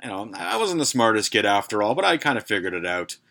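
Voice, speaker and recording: Low, bright-voiced man telling a story. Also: very animated, quick pace. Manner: rambling, profane, lots of fillers. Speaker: podcast host. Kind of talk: casual storytelling.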